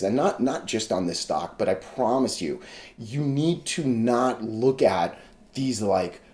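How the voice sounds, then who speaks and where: A man's voice: lowish voice, mellow. A man hosting a stock chart video, talking frankly and emphatically, often checking in with "all right?" and "right?". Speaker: stock chart analysis host. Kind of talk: casual talk to camera.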